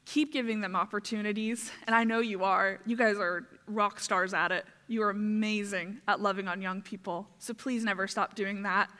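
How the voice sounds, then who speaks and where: A young woman, a ministry resident, speaking to her congregation with halting, emotional gratitude, close to tears. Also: medium pitch, fairly even intonation, pushed and bright. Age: young adult. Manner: tearful, halting, grateful. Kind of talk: church address and prayer. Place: church sanctuary. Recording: long hall reverb.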